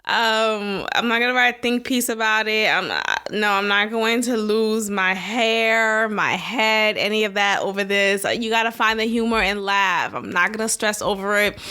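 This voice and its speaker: A woman's voice: medium pitch, moderate pace, few pauses, sharp tone, clear, resonant tone. A woman hosting a video commentary, giving blunt, frank opinions in a casual way and often laughing.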